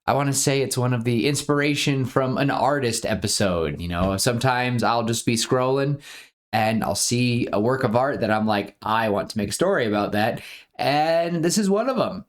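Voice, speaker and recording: A woman's voice: a bass voice, lively intonation, normal speed. Woman in her thirties, podcast co-host, casual rambling chat, upbeat, laughs a lot. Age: 30s. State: out of breath.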